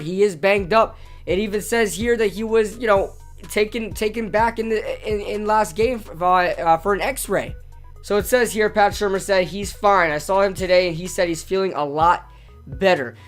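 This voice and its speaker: A man with a hoarse, strained voice, ranting casually about his football team as a sports vlogger, often repeating himself as he gets fired up. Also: sits high. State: hoarse from yelling at a game.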